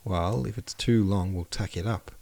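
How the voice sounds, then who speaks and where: A man's voice: low-pitched, normal speed, vocal fry, darkish tone, dry recording. A man reading aloud, voicing a devoted lady's maid who coaxes and reassures her young mistress. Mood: coaxing.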